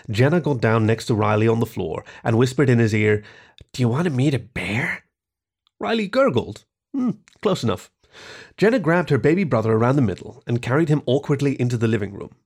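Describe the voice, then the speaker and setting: Male story narrator, expressive reading, gravelly, husky. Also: mid-range voice.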